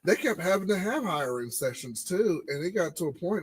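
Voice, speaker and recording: A man, co-hosting a casual podcast and telling animated stories about his old job. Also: sits high, normal speed, breathy edge, poor audio. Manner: animated storytelling, repeating phrases. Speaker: podcast co-host. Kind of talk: casual chat.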